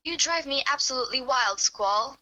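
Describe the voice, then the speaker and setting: Woman doing a smitten young girlfriend, soft quavery voice, bright and a bit high. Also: lively intonation, normal speed, low-quality recording. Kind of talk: fan role-play reading, first person.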